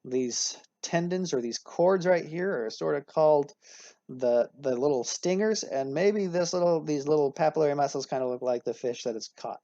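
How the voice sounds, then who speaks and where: A man with a slightly high, warm voice lectures on anatomy at normal speed, upbeat and relaxed, often revising himself mid-sentence and drawing analogies. The recording is dry and slightly dull, without echo.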